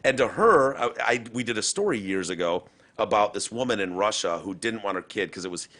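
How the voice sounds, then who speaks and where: Brash low-voiced man hosting a podcast. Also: expressive, a little fast, a bit bright. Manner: brash, joking, puts on silly accents. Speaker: podcast host. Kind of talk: crude comedic studio banter. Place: podcast studio.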